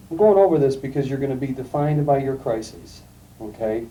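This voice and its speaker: Calm middle-aged guy lecturing a class, real dark mellow voice, sounds far off the mic, little hiss on an old tape. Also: mid-range voice, brisk. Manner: calm, storytelling, emphatic asides. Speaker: guest lecturer. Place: lecture room. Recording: distant mic, faint room noise, archival tape.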